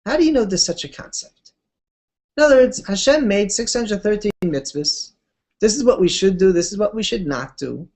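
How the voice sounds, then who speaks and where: A woman giving a Torah class, telling stories in an unhurried, conversational way with expressive swings of pitch and casual asides. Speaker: Torah teacher. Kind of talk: Torah class lecture with storytelling.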